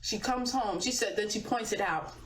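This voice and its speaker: A young woman on a livestream, telling a story in a chatty, animated way and swearing casually. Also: medium pitch, normal speed. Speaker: singer on a livestream. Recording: echoey, distant playback with faint noise.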